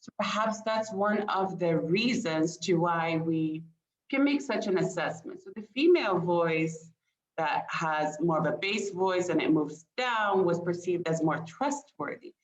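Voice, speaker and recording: A woman's voice: lowish voice, expressive, a little slow. A woman communication expert giving a webinar presentation, engaging her audience with questions and light laughter. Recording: roomy, dull lo-fi sound.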